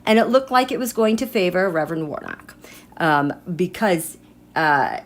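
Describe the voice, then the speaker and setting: A woman's voice: on the low side, expressive, moderate pace. A woman hosting a tarot and astrology livestream from home, chatting in a rambling way and greeting viewers by name. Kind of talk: casual livestream chat.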